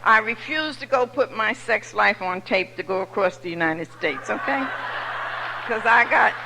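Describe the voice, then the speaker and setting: An older woman from New York with a New York accent, telling her personal story to an audience as a recovery meeting speaker, lively and humorous. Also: mid-range voice, moderate pace, creaky, background noise. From New York City. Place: large meeting hall. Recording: echoey hall recording.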